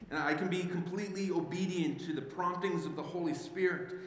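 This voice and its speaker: A male pastor preaching a sermon, telling the story with animated restarts and acting out the figures. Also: high-pitched, fairly quick. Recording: very echoey hall, faint background noise.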